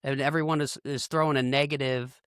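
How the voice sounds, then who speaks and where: A man's voice: medium pitch, flat delivery, a little fast, fairly bright tone, clean tone, dry recording, studio quality. A man hosting a podcast, chatting in a thoughtful, hesitant way with frequent restarts. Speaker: podcast host. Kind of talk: casual interview chat.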